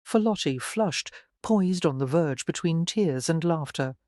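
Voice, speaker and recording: An audiobook narrator reading a romance novel in a measured, even way. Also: medium pitch, dry recording, studio quality. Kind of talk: scripted narration.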